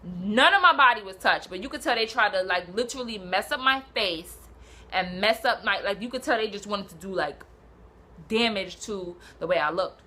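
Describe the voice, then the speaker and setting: A young woman from Brooklyn, telling a personal story in a casual, animated, slangy way and acting out what people said. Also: medium pitch, moderate pace. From Brooklyn, New York. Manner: animated, swearing, slangy, acts out quotes.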